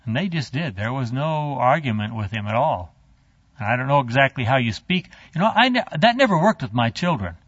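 A man teaching a Bible study, retelling a story in an animated, halting, chatty way with a handout. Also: mid-range voice, husky, no echo. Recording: dull lo-fi dry.

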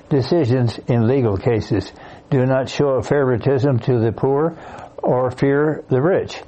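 A man in a Bible study class reading a scripture passage aloud, steady but with small slips he corrects. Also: medium pitch, low-quality recording.

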